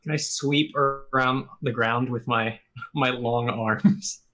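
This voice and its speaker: A man's voice: medium pitch, steady tone, takes it slowly, pushed and bright. A man playing in a tabletop game, easygoing and matter-of-fact. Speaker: player. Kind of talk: casual tabletop game play.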